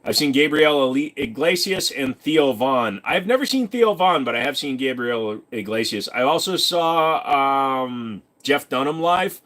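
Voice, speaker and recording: A man's voice: medium pitch, animated, a little slow, few pauses, a bit bright. A young man hosting a casual live stream, reading questions from chat aloud and answering them in a rambling, joking way.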